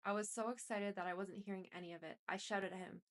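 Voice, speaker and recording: A woman's voice: mid-range voice, fairly even intonation, quick pace. A woman reading aloud a dramatic first-person story, in an intense and emotional way. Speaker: reader.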